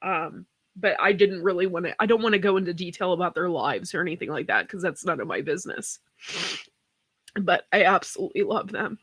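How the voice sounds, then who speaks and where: A woman's voice: fairly low pitch, a little fast, fairly bright tone, breathy edge, no echo, studio quality. A woman hosting a casual live stream, tearful after crying, talking in a rambling way with sighs and many restarts. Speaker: host of a farm channel live stream.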